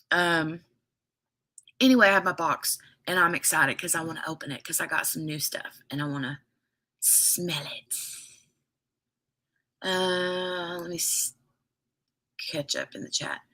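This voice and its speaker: A woman's voice: fairly low pitch, takes it slowly, long pauses, bright, forceful tone. A woman hosting a casual craft livestream, chatting in a rambling, storytelling way and reading viewer comments aloud.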